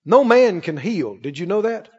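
A man pastor preaching a sermon emphatically, rising to shouts and dropping to quick asides. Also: sits high, very animated, husky. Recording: dull sound with long church reverb.

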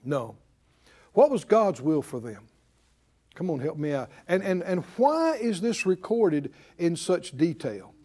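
A male pastor delivering a sermon in a high, lively voice that swings widely in pitch. He speaks slowly and deliberately, leaning hard on repeated words and calling for answers from his listeners. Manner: emphatic preaching with repeated phrases and call-and-response.

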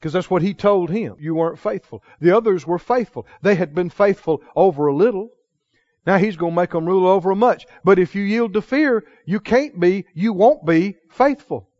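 A man with a high-pitched voice preaches to his congregation, pressing his points and asking them to answer back. He slows right down on the phrases he wants to land and acts out the scripture dialogue in quoted voices. The recording sounds dull and lo-fi. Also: darkish tone. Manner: emphatic, call-and-response with the congregation. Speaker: pastor. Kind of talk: sermon. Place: church.

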